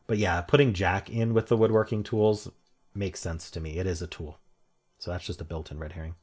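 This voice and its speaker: Deep-ish slightly husky guy talking himself through word puzzles, laid back, laughs at his own jokes. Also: steady tone, brisk, a little mellow. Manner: musing aloud, self-amused, chuckles at own jokes. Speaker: puzzle game streamer. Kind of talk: casual solo commentary while solving puzzles.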